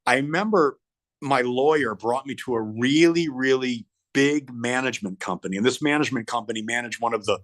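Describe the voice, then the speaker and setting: Middle-aged man, rambling and animated. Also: mid-range voice, brisk. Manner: animated, stumbles and repeats words. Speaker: guest musician. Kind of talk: casual interview chat.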